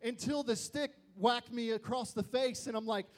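Speaking at normal speed in an extremely high-pitched voice, this young youth pastor preaches to a youth audience. He animatedly shares stories about his family and imitates the voices of those he quotes.

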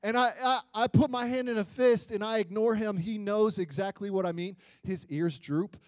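A male pastor with a high-pitched voice preaching a sermon. He jokes and gets animated, swinging between loud bursts and quiet, earnest stretches. The sound is dry and close. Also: moderate pace, no echo.

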